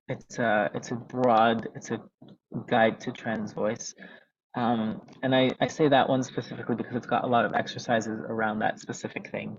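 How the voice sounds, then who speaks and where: Gravelly guy, vocal coach on a webinar, methodical, kinda dull lo-fi call audio. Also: mid-range voice, a little hiss or hum. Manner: explanatory, methodical, with frequent ums. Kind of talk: webinar teaching. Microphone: video call.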